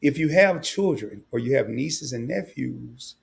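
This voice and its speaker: A man's voice: medium pitch, expressive, measured pace, creaky. An older man hosting a livestream, talking candidly and a bit rambling, with emotion coming through. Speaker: livestream host. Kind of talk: casual livestream talk.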